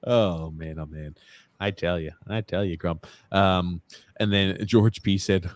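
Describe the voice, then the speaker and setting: A man co-hosting a live hockey watchalong podcast, excitably reacting to plays and reading out viewer comments. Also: sits low, a little slow, dry recording. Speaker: podcast co-host.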